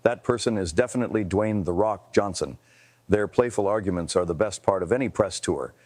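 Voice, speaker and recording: A man reading scripted narration for a celebrity clip video in an even, measured way. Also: on the low side.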